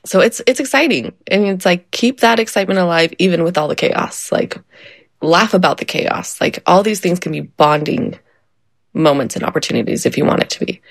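A woman's voice: on the low side, brisk, vocal fry, no echo, studio quality. A woman speaking upbeat in casual conversation, laughing along. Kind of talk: casual chat.

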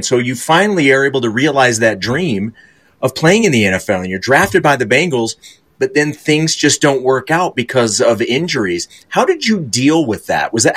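A man's voice: mid-range voice, a bit bright, husky. A man interviewing a guest, setting up long conversational questions.

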